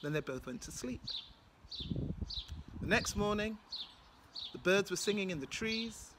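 A woman's voice: mid-range voice, animated, measured pace, noisy background. A woman from Britain with a British accent, telling a folktale with rhythmic, dramatic repetition. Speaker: storyteller. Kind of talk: oral folktale storytelling.

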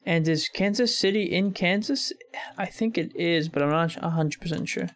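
American male reactor, slightly high gravelly voice, rambling musing commentary. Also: moderate pace. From United States. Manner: musing aloud, chuckling often, thinking out loud with fillers. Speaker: reaction video host.

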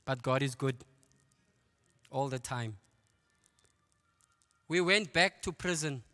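A middle-aged South African man giving his testimony at a church men's conference, telling his story in a lively way with quick asides. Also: mid-range voice, soft background music. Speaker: guest speaker giving testimony. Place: church auditorium. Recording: long hall reverb.

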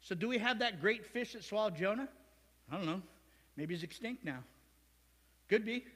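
A male pastor from Ohio preaching a sermon in a church, lively and conversational, with asides to the congregation. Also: high-pitched, moderate pace, in a large hall. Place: church sanctuary.

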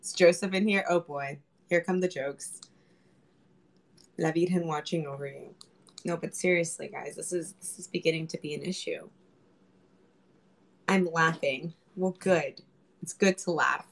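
A young woman hosts a livestream, chatting casually, rambling and joking with her viewers. Her voice is low-pitched and gravelly, a little slow, with long pauses. She teases people playfully and drops Spanish slang between English phrases.

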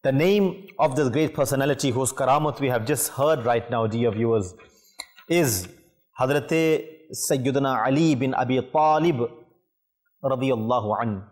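A man hosts a religious program and narrates a devotional story. His telling is emotive, swelling now and then into fervent exclamations. He speaks at an ordinary middle pitch from a studio. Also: normal speed, darkish tone. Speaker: religious show host.

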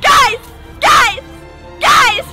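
A woman voicing a frantic high-voiced woman left behind by her friends, shouting shrilly and desperately over a clip with music behind. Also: sing-song, extremely slow, exaggerated voice.

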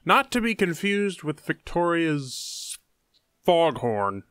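A man giving excitable commentary on a horror game, yelping and shouting at scares. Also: on the high side, slow pace, smooth, no room sound. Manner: jumpy, yelps and shouts at scares. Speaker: let's play host.

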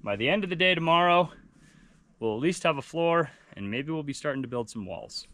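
A man's voice: on the high side, animated, a little fast, bright, forceful tone, dry recording. A man hosting a vlog, giving upbeat, matter-of-fact updates in casual narration. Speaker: vlog host.

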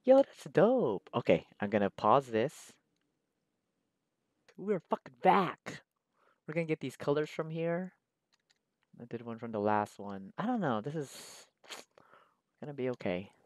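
Here a man draws on camera and chats as he goes, his talk rambling, slangy, profane and relaxed. His mid-range voice is very animated yet unhurried, with long pauses, and the recording is dry.

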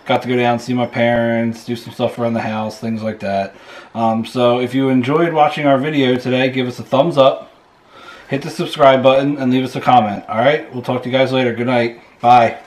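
A man hosting a family vlog, giving a relaxed, friendly sign-off to viewers. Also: medium pitch, a little fast. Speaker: vlog host.

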